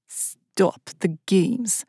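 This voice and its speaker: A woman voicing a curt, touchy man with a Russian accent in an audiobook, speaking in clipped, slow, deliberate lines. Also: mid-range voice, mellow, husky, no room sound, studio quality. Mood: stern. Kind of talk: audiobook character voice.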